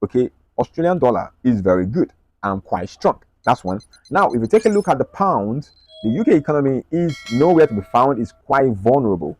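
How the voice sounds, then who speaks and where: A man walking viewers through his market analysis on screen, talking quickly and checking in with them often. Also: mid-range voice, big pitch swings, darkish tone. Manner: rapid, repetitive, checks in with "right?" and "okay?". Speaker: trading analyst.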